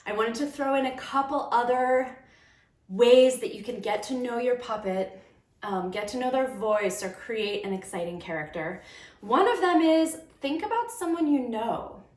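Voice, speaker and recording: This woman's voice is a little high, animated, and a little mellow, at a normal speed, with reverberation around it. Cheerfully encouraging children and their parents, she gives a friendly lesson on making puppets and doing their voices, demonstrating each part as she explains.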